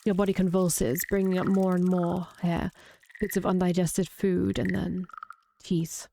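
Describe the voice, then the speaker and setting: A woman reading a horror visual novel aloud, drawing out the grisly parts slowly with brief reactions. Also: on the low side, little pitch movement, vocal fry, dark tone, slight background noise. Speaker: streamer reading a game aloud.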